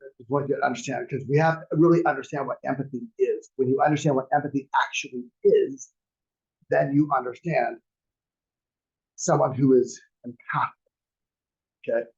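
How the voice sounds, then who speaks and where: A man's voice: medium pitch, steady tone, moderate pace, gravelly, long pauses, muffled recording. A man teaching a classroom lecture in a conversational, rambling way with many restarts. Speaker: real estate class instructor.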